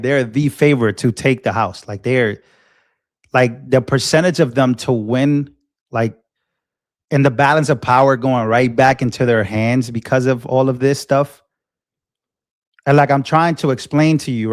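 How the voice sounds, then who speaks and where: A man in his twenties hosts a livestream in a mid-range voice, answering chat in an impassioned, animated way and often repeating himself.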